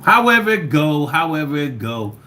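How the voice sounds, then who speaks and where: There's slight background noise as a Philadelphia man with a Philly accent hosts a casual livestream at a moderate pace. His voice is a little high and sharp with big pitch swings, and he playfully reads viewer comments, riffing, chanting in sing-song, and occasionally singing.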